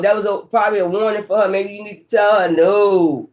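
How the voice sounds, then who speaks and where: A man with a high voice gives a loose, profane spiritual reading. He speaks straight to his viewers with emphasis and keeps tossing in "right?" and "okay?" as he goes. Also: steady tone, brisk, hardly any pauses, a little mellow. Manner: frequent rhetorical tag questions. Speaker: tarot reader.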